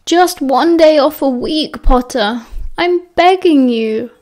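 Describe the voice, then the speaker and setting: A woman's voice: high voice, normal speed, darkish tone, natural voice. A woman with a British accent voicing a sleepy, grumbling teenage schoolboy wizard who drawls his complaints. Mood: grumpy.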